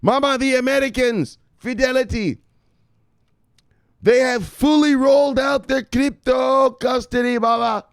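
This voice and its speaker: A man's voice: extremely high pitch, fairly even intonation, unhurried, vocal fry, dry recording, clean studio sound, pitched above the performer's own voice, exaggerated voice. Man doing a pompous son lecturing his mama. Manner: pompous, declaiming, dismissive. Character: grandiose grown son lecturing his mother.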